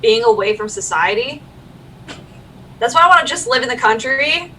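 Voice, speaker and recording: A woman co-hosting a casual livestream chat, rambling and quick to laugh. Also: on the high side, expressive, pushed and bright, recorded from a distance, a little hiss or hum, poor audio. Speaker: stream co-host.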